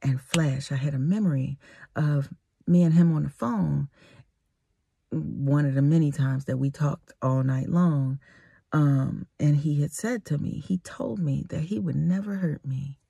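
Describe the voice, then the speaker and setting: A woman telling a personal story in a vlog, animated and dramatic, breaking into laughs. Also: low voice, unhurried, vocal fry, breathy edge, no echo.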